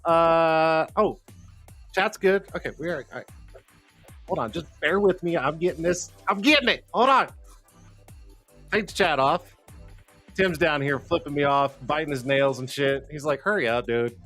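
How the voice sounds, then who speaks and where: Male live-show host, slightly high voice, rambling and foul-mouthed, soft music underneath. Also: a little slow, long pauses. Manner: rambling, cussing, self-deprecating, jokey; flustered, talking to himself while fixing tech. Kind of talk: casual live-stream chat. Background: faint background music.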